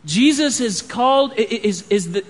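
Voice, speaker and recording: High-voiced conversational pastor. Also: male voice, lively intonation, normal speed. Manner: conversational, restarts and asides. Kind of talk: sermon.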